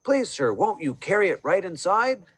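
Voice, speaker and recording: A man voicing an excitable wealthy gentleman who exclaims in a shrill voice. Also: normal speed, breathy edge, no echo, heavily acted. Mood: delighted.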